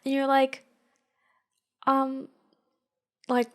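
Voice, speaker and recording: A woman's voice: sits high, completely flat delivery, extremely slow. A young adult woman co-hosting a podcast in casual chat, talking with many fillers and frequent laughs. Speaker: podcast co-host.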